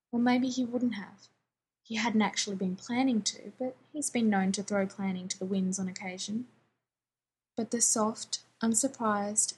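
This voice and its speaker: A woman reading fan fiction aloud in a calm, even storytelling manner. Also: medium pitch, moderate pace, husky, rough recording. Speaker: audiobook reader.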